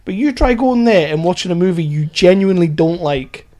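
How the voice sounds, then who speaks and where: A man's voice: high voice, expressive, fairly quick, darkish tone. A man co-hosting a casual film podcast, chatty and sweary, who laughs often. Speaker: podcast co-host. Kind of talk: casual chat.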